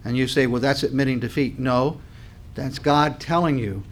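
A man preaching a sermon, swelling his voice on key points, then dropping it low, and clearing his throat now and then. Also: moderate pace. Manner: dynamic preaching, voice swells and drops with emphasis. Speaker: pastor.

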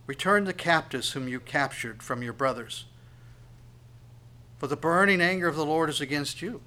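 A male preacher with a slightly higher voice than most men. He reads scripture slowly and forcefully, then drops into quiet, chatty explanation. His volume rises and falls often. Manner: reads verses aloud slowly, then explains in a plain conversational tone; swings between loud emphatic reading and quiet, dropped asides. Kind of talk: sermon with scripture reading.

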